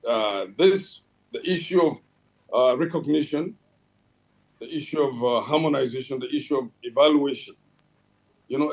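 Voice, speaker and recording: A man's voice: a little high, poor audio. A Nigerian man heading a regulatory agency, answering in a TV interview in a formal official tone, with many fillers and restarts. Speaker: head of a regulatory agency, guest. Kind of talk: television interview.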